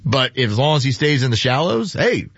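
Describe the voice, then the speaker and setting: A man's voice: mid-range voice, very animated, fairly quick, creaky, fairly bright tone, husky, dry recording, lo-fi sound. Opinionated man on radio sports talk. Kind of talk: casual radio chat and read sports headlines.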